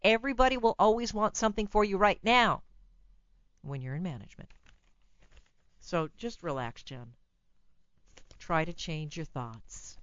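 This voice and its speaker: A woman hosting a call-in radio show as a psychologist, giving blunt, animated advice and laughing at her own remarks. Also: fairly low pitch, measured pace, pauses often, no echo, lo-fi sound.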